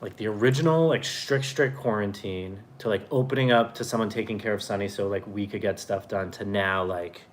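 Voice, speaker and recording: Joking man with a low voice. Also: brisk, few pauses. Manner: joking, playful, rambling. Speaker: co-host, husband. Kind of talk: casual chat. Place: home, at a table.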